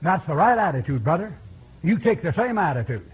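A man's voice: a little high, very animated, fairly quick, husky, lo-fi sound. A man preaching a sermon in a folksy, repetitive style, calling out to his congregation.

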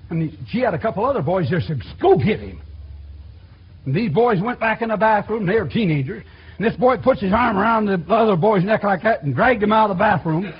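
A man preaching a sermon in a church, folksy and animated, acting out quotes with sudden loud outbursts. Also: high-pitched, breathy edge. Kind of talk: sermon with storytelling. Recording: dull lo-fi recording.

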